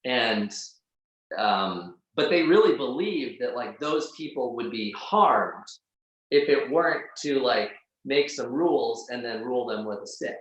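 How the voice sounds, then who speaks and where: A man's voice: medium pitch, lively intonation, a little slow, fairly bright tone, highs cut off. A man talking as a podcast guest in loose, profane casual conversation, leaning on filler words. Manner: loose and profane, heavy use of "like". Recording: very echoey room.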